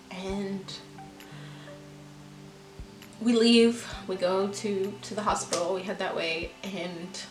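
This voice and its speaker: Woman telling a personal story, echoey room. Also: mid-range voice. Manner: candid, reflective, lots of fillers. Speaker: vlogger. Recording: echoey room with music behind.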